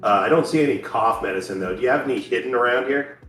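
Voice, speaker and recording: A man calls in as a co-host and teases in a dry, deadpan manner at a mid pitch. His voice rings in an echoey room with faint music underneath. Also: fast talker. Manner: deadpan, playful teasing. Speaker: co-host calling in. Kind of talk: joking banter.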